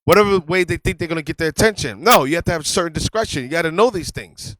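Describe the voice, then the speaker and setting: A man's voice: fairly high pitch, expressive, fast, a bit bright, no echo, poor audio. A man teaching a religious class in an emphatic, conversational sermon style, often repeating his key phrases.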